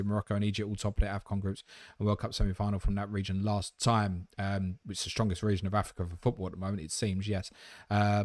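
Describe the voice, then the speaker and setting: A man's voice: lowish voice, darkish tone, no room sound, clean studio sound. A man hosting a live question-and-answer stream, talking in blunt, matey banter with some swearing. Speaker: host.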